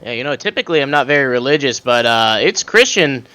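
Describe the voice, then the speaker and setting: A man's voice: medium pitch, expressive, fast talker, bright, forceful tone, clean tone. A man doing color commentary on an esports match, cracking puns and laughing often.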